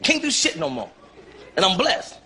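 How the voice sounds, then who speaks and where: A man doing stand-up on a live stage, brash and profane, barking his punchlines in a voice pushed up very high. A roaring crowd and loud noise fill the archive recording. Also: huge pitch swings, moderate pace. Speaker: stand-up comedian. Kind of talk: stand-up comedy performance.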